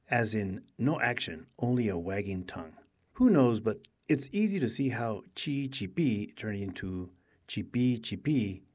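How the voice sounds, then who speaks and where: Husky-voiced radio host. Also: male voice, lowish voice, a little mellow. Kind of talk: scripted radio narration.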